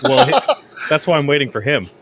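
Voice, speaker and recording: A man's voice: fairly high pitch, huge pitch swings, a little fast, vocal fry, fairly bright tone, slight background noise. A man playing at a tabletop game, chatting casually and explaining his plans at length. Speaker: player.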